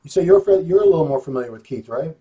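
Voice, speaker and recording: A man's voice: a little high, lively intonation, rapid-fire, husky, phone-quality sound. A man hosting a casual talk show, speaking frankly and in a laid-back way. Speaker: host. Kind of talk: casual chat.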